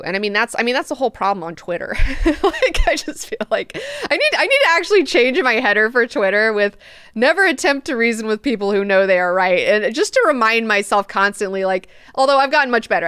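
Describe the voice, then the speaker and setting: A woman's voice: a little high, a little fast, smooth, dry recording, studio quality. A woman hosting a book club, casually retelling and reacting, with frequent swearing. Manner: profane, animated, chatty retelling.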